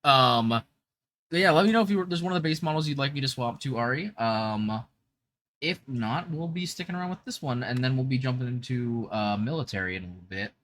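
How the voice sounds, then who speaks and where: A man's voice: medium pitch, brisk, fairly bright tone, slight background noise. A young man chatting casually on a gaming livestream into a desk mic, upbeat and full of fillers. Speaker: VTuber streamer.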